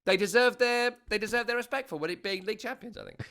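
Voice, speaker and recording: A man from Britain hosting a podcast, teasing his co-host in a jokey, quick way. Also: high voice, creaky, sharp tone, clean tone. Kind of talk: casual podcast chat.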